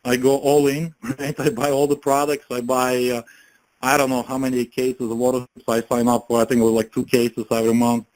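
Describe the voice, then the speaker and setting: A man's voice: medium pitch, poor audio. Chatty man. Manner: chatty, laughs often, many fillers and restarts. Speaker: network marketing speaker. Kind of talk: casual motivational talk on a call.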